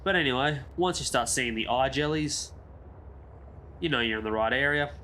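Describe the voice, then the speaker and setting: A man's voice: mid-range voice, normal speed, pushed and bright, slight background noise. A man giving a casual, chatty game walkthrough as a gaming YouTuber, drifting into side comments. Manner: easygoing, chatty, rambles into asides.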